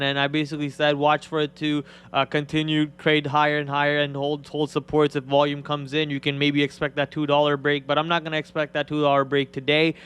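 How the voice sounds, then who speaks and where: A man's voice: on the high side, fairly bright tone, clear, resonant tone. Rambling man commenting on live trades. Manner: rambling, repeats words, many fillers. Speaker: stock trading show host.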